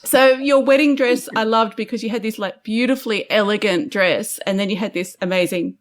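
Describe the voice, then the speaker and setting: A woman's voice: mid-range voice, fairly even intonation, fairly quick. A woman hosting a podcast, enthusiastically asking open questions in casual conversation. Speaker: podcast host. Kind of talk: casual interview.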